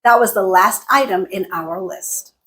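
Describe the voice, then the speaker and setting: A woman teaching a lesson, speaking clearly and deliberately and exaggerating pitch in her example sentences. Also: fairly bright tone. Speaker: English teacher. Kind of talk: explanatory lesson with spoken examples.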